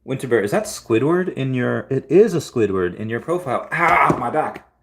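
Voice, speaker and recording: A man's voice: mid-range voice, big pitch swings, a little fast, creaky, a little mellow. A man hosting a casual livestream, rambling through chat questions and often restarting and repeating words. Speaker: livestream host answering chat.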